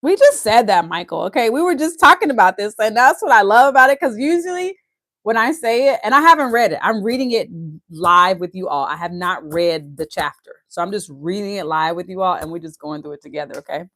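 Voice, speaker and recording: Fast, excited woman from Louisiana. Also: mid-range voice, dry recording, studio quality. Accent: Louisiana Southern. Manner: fast, excited, emphatic, laughs often. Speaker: host reading and discussing a book. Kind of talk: casual teaching, reading aloud with commentary.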